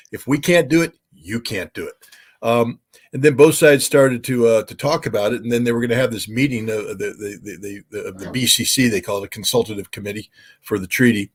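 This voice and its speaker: A man's voice: mid-range voice, fast talker, slightly rough. A man who used to be a weapons inspector, talking as an interview guest in an emphatic way, with many uh and um fillers. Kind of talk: casual interview talk.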